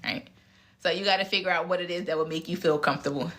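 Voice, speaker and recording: A woman's voice: on the low side, steady tone, fast, background noise. A woman speaking frankly and bluntly in casual talk, answering audience questions live, with some cursing.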